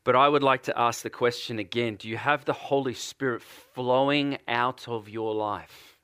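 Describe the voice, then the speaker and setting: A man's voice: medium pitch, fairly even intonation, moderate pace, a bit bright, clear, resonant tone, no echo, studio quality. A man from Australia with an Australian accent, preaching a sermon and putting earnest repeated questions to a congregation.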